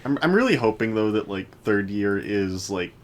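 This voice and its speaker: A man's voice: lowish voice, very animated, moderate pace, slight background noise. A man co-hosting a podcast, chatting casually about anime in a rambling way with lots of restarts. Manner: rambling, many restarts and fillers. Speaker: podcast co-host.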